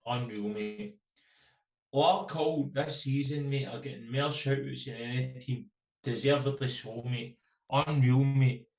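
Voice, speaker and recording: A man's voice: mid-range voice, steady tone, unhurried, gravelly, darkish tone, reverberant, distant mic. A Scottish man co-hosting a casual football podcast, joking around, swearing and calling everyone mate. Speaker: co-host.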